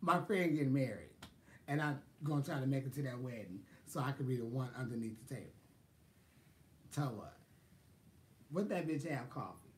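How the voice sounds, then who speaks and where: A man telling stories in a casual vlog, sassy and animated, laughing often. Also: medium pitch, normal speed, long pauses, a little hiss or hum. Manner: sassy, animated, laughs often, quotes people in exaggerated voices. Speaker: vlogger. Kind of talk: casual storytelling chat.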